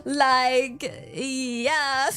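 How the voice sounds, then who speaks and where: Chatty high-voiced woman streamer. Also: flat delivery, drawn-out words, a bit bright, smooth, soft background music. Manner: chatty, giggly, reads out chat and thanks viewers; rambling, many fillers and restarts. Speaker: livestreamer. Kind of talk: casual stream chat.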